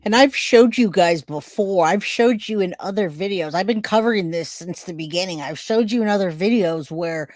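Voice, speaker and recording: A woman talking straight to her audience in a reaction commentary, blunt and openly emotional, with casual swearing. Her voice sits at an ordinary middle pitch. It sounds dry and close, with no room echo. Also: moderate pace, hardly any pauses, darkish tone. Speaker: online commentator.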